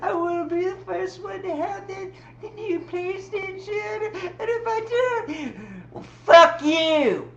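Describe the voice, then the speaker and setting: A woman's voice: extremely high pitch, takes it slowly, hardly any pauses, distant mic, muffled recording, voice pushed up, heavily acted. A woman imitating a bratty, selfish cartoon boy who whines in a nasal voice. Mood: whining. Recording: roomy with faint background hum.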